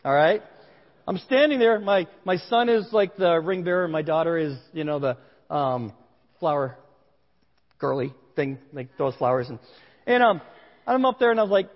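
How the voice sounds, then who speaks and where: Speaking to his congregation in a large room, a pastor shares a frank personal story as though chatting with them. His pitch runs on the high side, lively in tone, at a moderate pace broken by many pauses. Sound quality is dull, and a long hall reverb trails each phrase.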